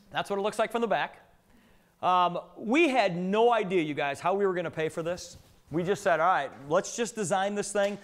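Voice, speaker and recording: A man's voice: sits high, fairly bright tone. A middle-aged man giving a live business presentation to an audience, telling joking stories and putting questions to the room.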